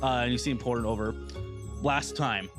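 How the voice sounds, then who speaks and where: A man narrates as game master for a tabletop role-playing game, relaxed and conversational. His voice sits at an ordinary middle pitch. Soft music plays faintly underneath. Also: fairly quick. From Connecticut. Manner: casual, chatty, with southern drawl for characters.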